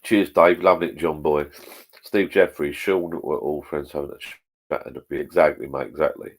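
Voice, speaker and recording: With a rumbling low voice, a steady tone and a moderate pace, a middle-aged man hosts a live stream. He reads viewer comments and chats in a blunt, profane, rambling way, much like pub talk.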